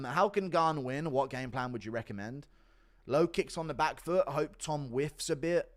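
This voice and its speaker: A man hosting a casual livestream who reads out donations and answers questions in a blunt, profane, offhand way. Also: mid-range voice. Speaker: livestream host.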